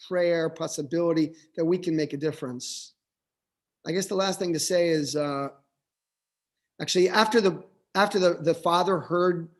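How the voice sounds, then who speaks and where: A man, a rabbi, giving a reflective Hanukkah sermon over a video call, halting and restarting as he thinks. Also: sits high.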